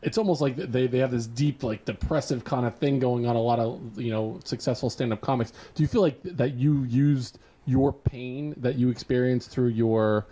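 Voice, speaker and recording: A man's voice: mid-range voice, normal speed, few pauses, warm tone. A man hosting a podcast interview, asking questions with mock-grand, joking build-ups. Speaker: host.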